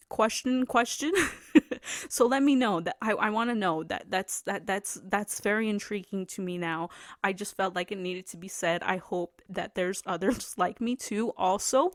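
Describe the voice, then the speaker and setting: A young woman hosts her own podcast, talking on her own in a loose, rambling way with frequent laughs. Her voice sits at a middle pitch, recorded close and dry with no room sound. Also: a bit bright, no room sound. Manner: rambling, upbeat, laughs often, many restarts. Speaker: podcast host. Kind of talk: casual solo chat.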